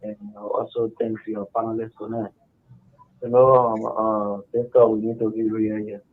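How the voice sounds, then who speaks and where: A man with a Liberian English accent gives a measured, hesitant comment to a radio talk show. His husky voice is heard over a muffled phone line. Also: on the low side, little pitch movement. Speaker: caller.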